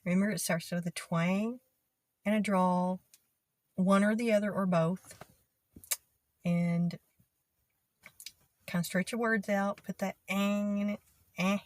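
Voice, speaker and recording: A woman's voice: medium pitch, fairly even intonation, slow, pauses often, dry recording. A Texan woman with a drawling accent, chatting casually in her own video and laughing often. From Texas. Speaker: vlogger.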